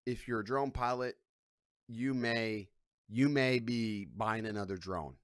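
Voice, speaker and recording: A man's voice: mid-range voice, unhurried, clean tone, dry recording, clean studio sound. A man hosting a casual live stream, rambling in a profane, irreverent way from his couch at home. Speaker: livestream host.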